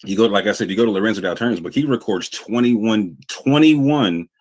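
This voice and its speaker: A man's voice: lowish voice, moderate pace, a little mellow. A man explaining his views in a casual conversation, rambling and earnest with many fillers.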